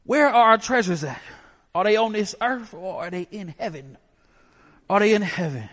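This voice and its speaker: A man with a very high voice preaches a sermon, driving his points home with rhetorical questions. His voice rings out with a long hall reverb trailing behind each phrase. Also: lively intonation, normal speed, a bit bright.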